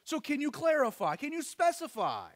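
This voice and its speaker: A man's voice: very high voice, voice pushed up, exaggerated voice. A man doing a puzzled, pushy disciple. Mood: bewildered. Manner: animated, hurried, insistent. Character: puzzled male disciple pressing for clarity.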